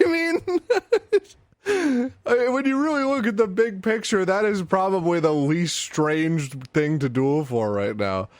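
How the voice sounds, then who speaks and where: Male podcast co-host, unhurried, giggly and profane, with a wide-ranging pitch. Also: animated, no echo. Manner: laughs often, swears freely. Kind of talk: casual chat recapping an anime episode.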